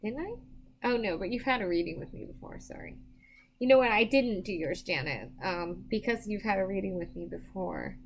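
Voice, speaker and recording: A woman's voice: medium pitch, expressive, normal speed, slight background noise. A tired woman doing psychic readings on a live stream, chatting casually with viewers and rambling with many restarts. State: tired, yawning.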